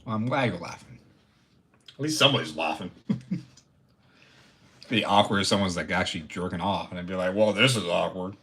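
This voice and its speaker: A young man live-streaming, chatting casually with his viewers, rambling, swearing and joking, with sudden loud bursts of mock outrage. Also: sits low, a little fast, long pauses, slight background noise.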